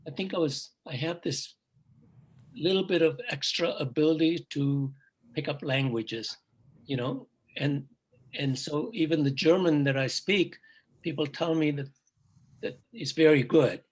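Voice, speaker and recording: Older man, native Urdu speaker, somewhat high and husky voice, rambling storyteller with many restarts. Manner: reflective storytelling, halting restarts. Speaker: guest, father of the hosts. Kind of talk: casual chat.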